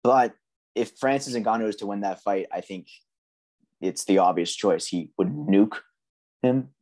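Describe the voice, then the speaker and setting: A man co-hosting a casual podcast, breaking down fights in a measured, analytical way with frequent ums. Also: lowish voice, a little mellow. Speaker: podcast co-host.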